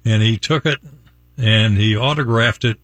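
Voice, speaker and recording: A man's voice: on the low side, moderate pace, a bit bright, no room sound. An older man from Virginia hosting a morning radio show, telling a rambling story and chuckling often. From Virginia, USA. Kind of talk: chatty on-air storytelling. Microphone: studio mic.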